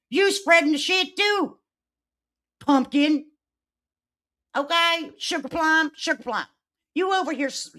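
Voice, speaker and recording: A woman commenting on online drama during a livestream, reading posts aloud and answering them with sarcasm and sudden loud outbursts. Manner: sassy, sarcastic, swings between loud outbursts and low mutters.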